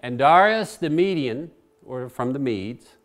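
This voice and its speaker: A man preaching a Bible sermon in a chatty, animated way, swinging between loud and quiet. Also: mid-range voice, measured pace. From Virginia.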